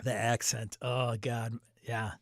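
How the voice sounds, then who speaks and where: A man's voice: mid-range voice, level tone, takes it slowly, dry recording, studio quality. A man with a Midwestern American accent who hosts a casual livestream chat, joking, rambling and answering his chat. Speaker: host.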